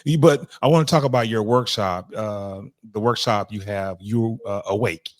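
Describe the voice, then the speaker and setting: A male podcast host with a lowish voice asks his guest questions in a measured way, pausing on fillers. The recording is dry and close, without room sound. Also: no echo. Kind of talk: interview.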